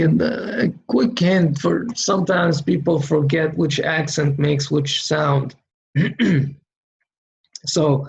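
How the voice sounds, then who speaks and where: A man's voice: on the high side, creaky, lo-fi sound. A man teaching how to read Arabic letters, patiently sounding out single syllables for the learner to repeat. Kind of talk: slow recorded lesson drilling syllables.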